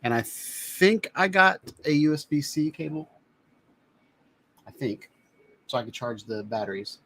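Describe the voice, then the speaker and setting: With a fairly high, bright, forceful voice, a man hosts a drone-review live stream from his home studio, speaking expressively and unhurriedly. He chats in a rambling, casual way as he shows items to the camera, over a little hiss or hum.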